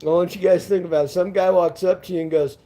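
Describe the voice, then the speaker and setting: Raspy-free, mellow-voiced joking male streamer. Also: sits high, steady tone, quick pace. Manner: rambling, laughing, profane. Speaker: live-stream vlogger. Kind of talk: casual live-stream chat.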